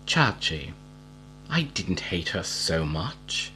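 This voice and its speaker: A man doing an eager, soft-hearted young boy. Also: low-pitched, big pitch swings, slow, slight background noise, full character voice, rough recording. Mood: tearful.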